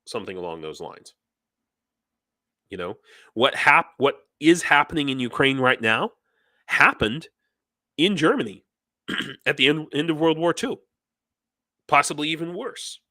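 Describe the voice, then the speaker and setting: A man hosting a live news stream, talking in a heated, ranting way and reading viewer comments aloud. His voice is bright and forceful. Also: fairly high pitch, lively intonation, a little slow, pauses often. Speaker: livestream news host.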